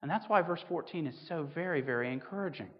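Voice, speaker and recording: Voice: mid-range voice, lively intonation, quick pace. A preacher giving a conversational sermon to a congregation, asking rhetorical questions and adding wry asides. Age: 30s or older. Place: church hall. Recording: dull recording with long hall reverb.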